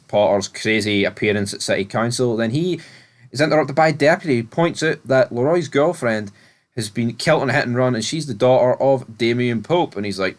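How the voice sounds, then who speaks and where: A man, co-hosting a casual review podcast, recapping scenes in a relaxed way with sweary asides. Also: medium pitch. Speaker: podcast co-host.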